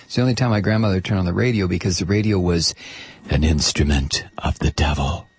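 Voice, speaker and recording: A middle-aged man talks through a casual monologue, blunt and rambling, stopping often on hesitations and restarts. His voice sits at an ordinary pitch with a gravelly edge and a husky grain. The recording is dry and close. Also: fairly quick, a little mellow, dry recording.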